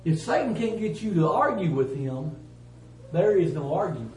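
Man preaching, folksy and emphatic, higher voice, echoey church, mic at a distance. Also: expressive, moderate pace, slight background noise. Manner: folksy, emphatic, swings from loud to hushed. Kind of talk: sermon. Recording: roomy church sound from a distance.

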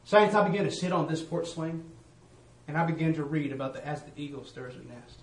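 A man preaching a testimony sermon and calling out to the congregation, switching between loud bursts and hushed asides. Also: fairly high pitch, a little fast, echoey room, recorded from a distance, low-quality recording.

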